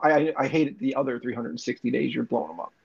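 A young man's medium-pitched voice, fast, creaky, and husky, comes through a dull lo-fi recording. He's a podcast co-host telling rambling, profane stories with laughs in casual chat.

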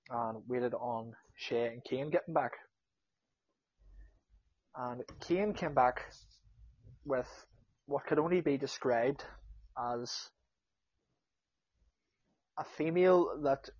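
A young man with a Northern Irish accent telling a casual anecdote, animated, swearing freely and acting out what people said. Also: mid-range voice, husky, no room sound. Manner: animated storyteller, swears freely, acts out quotes. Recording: dull lo-fi sound.

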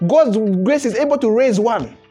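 During a church service, a male pastor preaches to a responsive congregation, his pitch rising and falling freely at a moderate pace with a breathy edge. Frequent chuckles and repeated words fuel his animated momentum, and soft music plays faintly behind him.

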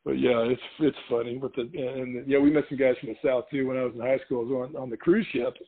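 A middle-aged man from California, a podcast guest telling stories in casual chat, animated and quick to laugh as he acts out what people said. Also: mid-range voice, breathy edge. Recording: tinny phone-like line.

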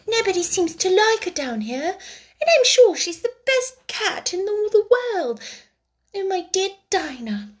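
A woman's voice: extremely high pitch, very animated, measured pace, pitched above the performer's own voice, heavily acted. A woman voicing an eager, earnest young girl in a storybook reading, with prim, old-fashioned phrasing. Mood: melancholy.

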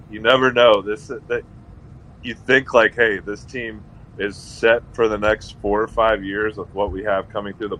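A man's voice: fairly low pitch, a little hiss or hum, low-quality recording. A man co-hosting a casual sports podcast, telling stories with lots of "like" and laughing at himself. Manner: animated storyteller, says "like" often, laughs at himself. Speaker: podcast co-host.

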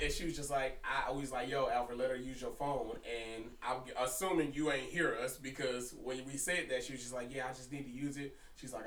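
Young guy telling a wild story on a podcast, bright forceful voice, kinda far from the mic. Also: mid-range voice. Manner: animated, profane, breaks into laughter. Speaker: podcast co-host. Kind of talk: casual storytelling chat. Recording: roomy echo, somewhat off-mic.

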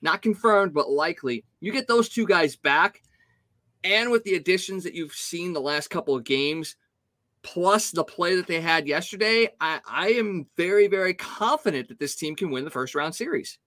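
Bright, animated male sports podcaster. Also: high voice, moderate pace, no room sound. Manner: animated, opinionated hockey analysis. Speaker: podcast co-host. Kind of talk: casual sports talk.

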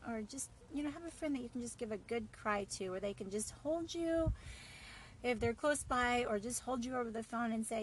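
Reassuring woman podcaster, higher voice. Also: moderate pace, slight background noise, poor audio. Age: adult mother of boys. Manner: earnest, reassuring, many fillers. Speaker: podcast host. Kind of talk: encouraging solo podcast talk.

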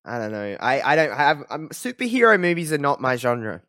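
A man's voice: mid-range voice, sing-song, a little fast, a crowd in the background. Rambling Australian man in his twenties. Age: 20s. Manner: hesitant, rambling, filler-heavy. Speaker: podcast co-host. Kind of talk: casual chat. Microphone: video call.

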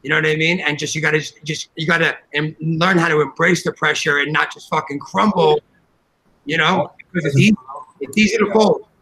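Podcast co-host, New man, high bright voice, brash swearing storyteller. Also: a little fast, low-quality recording. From New Jersey. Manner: loud, profane, animated storytelling. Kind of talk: casual chat.

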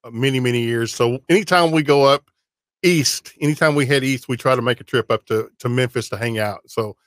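A man's voice: medium pitch, fairly quick, fairly bright tone, no room sound, clean studio sound. A man from Texas hosting a casual interview, friendly and restarting his words as he talks. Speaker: podcast host.

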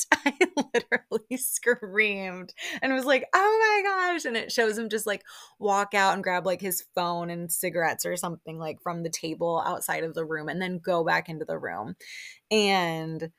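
A woman hosting a casual solo recap podcast, chatting excitedly with lots of "like" and side notes. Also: medium pitch, gravelly. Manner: chatty, full of "like" and excited asides. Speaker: podcast host.

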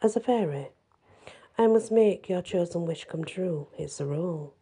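A woman's voice: lowish voice, normal speed, husky. Woman voicing a cold vengeful fairy. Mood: cool menace. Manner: soft, coolly menacing.

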